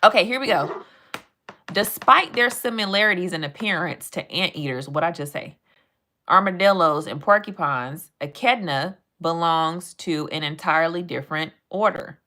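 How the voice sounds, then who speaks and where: A woman's voice: on the low side, normal speed, bright, forceful tone. A young woman chatting playfully with her live-stream chat and reading animal facts aloud.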